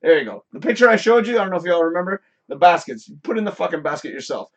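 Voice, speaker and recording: A man's voice: high voice, animated, racing, highs cut off. A man hosting a live stream, telling a story in a casual, profane rant and laughing often. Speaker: host.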